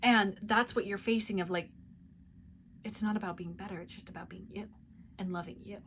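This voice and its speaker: A woman sharing an intuitive spiritual message with her viewers, speaking softly and intimately, often dropping to a near-whisper, with plenty of casual fillers. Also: medium pitch, fairly even intonation, fairly quick, a little hiss or hum. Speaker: spiritual reader and channel host.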